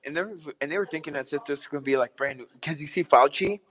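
A hoarse man co-hosts a casual podcast chat, clearing his throat and coughing often. He rambles through his points and keeps asking his partner questions. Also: fairly high pitch, fast, fairly bright tone. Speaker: podcast co-host.

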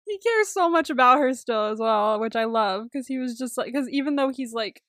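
A woman's voice: a little high, expressive, a little fast, fairly bright tone, no echo, studio quality. A woman co-hosting a podcast in casual chat, laughing often and acting out quotes. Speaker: podcast co-host.

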